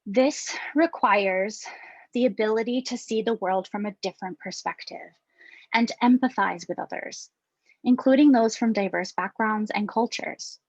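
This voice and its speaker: A woman on a video call, gently guiding a breathing and mindfulness exercise. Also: medium pitch, unhurried, no echo. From Hawaii. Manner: calm, gentle instructing. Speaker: yoga and mindfulness presenter. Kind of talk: guided mindfulness workshop. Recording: dull, dry video call audio.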